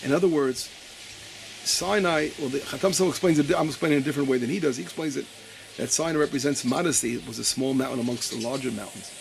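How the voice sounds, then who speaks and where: A male rabbi teaching Torah. He stops to search his papers, stumbles and repeats words, and reads his quotes slowly with weight. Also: medium pitch, vocal fry, slight background noise. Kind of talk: Torah lesson.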